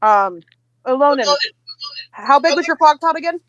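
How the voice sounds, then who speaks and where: A woman narrating a tabletop game as game master, chatty and lively, with hesitant fillers and little chuckles. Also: high-pitched, normal speed, dry recording, highs cut off.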